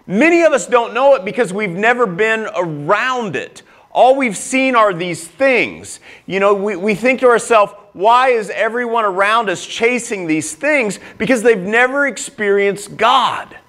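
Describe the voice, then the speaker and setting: Lively-pitched man preaching a sermon. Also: measured pace, hardly any pauses. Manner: earnest, emphatic preaching with repeated phrases; personal and confessional, with frequent restarts. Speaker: pastor.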